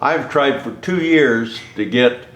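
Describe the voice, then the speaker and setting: A man's voice: mid-range voice, slow pace, fairly bright tone, muffled recording. A man telling a story in a casual, rambling way. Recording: roomy with faint background noise.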